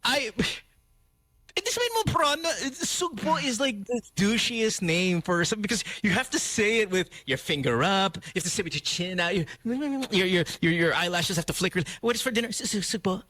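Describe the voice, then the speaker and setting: A man's voice: high voice, expressive, moderate pace, pushed and bright, no echo. A man hosting a radio show, talking in a playful, jokey way. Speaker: radio host. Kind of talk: casual radio banter. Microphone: studio microphone.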